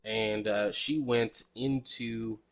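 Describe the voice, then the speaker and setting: A man's voice: lowish voice, steady tone, takes it slowly, vocal fry. Man, podcast host, from El Paso, casual chat, jokey, profane, rambling. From El Paso, Texas.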